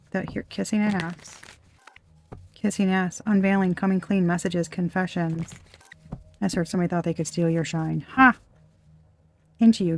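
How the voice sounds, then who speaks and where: A woman's voice: mid-range voice, vocal fry, a little mellow. A woman giving a casual, channeled tarot reading, blunt and profane, often breaking off mid-sentence and laughing. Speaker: tarot reader.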